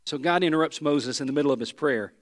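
A man's voice: fairly high pitch, fast talker. Man preaching in a reverberant hall. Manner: conversational preaching, voicing imagined prayers. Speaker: pastor. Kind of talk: sermon.

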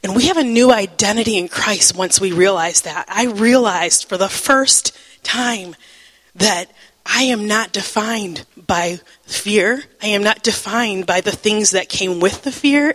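A woman teaching the Bible through a personal testimony, emotional and halting, with many fillers and restarts, and breaking into laughter at times. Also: mid-range voice, fairly bright tone, in a large hall, low-quality recording.

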